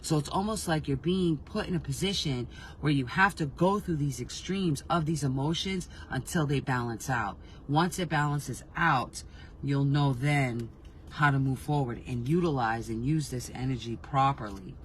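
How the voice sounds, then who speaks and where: A man's voice: medium pitch, moderate pace, fairly bright tone, a little hiss or hum, rough recording. Rambling man giving a casual spiritual reading. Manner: rambling, self-interrupting, swears freely; frank, emotionally reactive. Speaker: intuitive reader.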